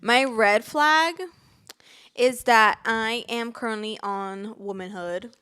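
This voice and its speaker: A young woman with a slightly high, bright, clear, resonant voice speaks slowly with a forceful tone. She co-hosts a casual podcast, chatting playfully, joking with her co-host, and laughing often.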